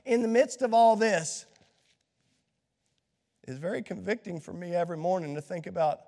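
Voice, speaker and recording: Male pastor with a high voice, under the weather, preaching hard in a big echoing sanctuary. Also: normal speed, vocal fry, pauses often. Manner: impassioned preaching, swings from hushed to shouting. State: scratchy throat from a cold. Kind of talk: sermon. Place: church sanctuary. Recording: long reverb of a large hall.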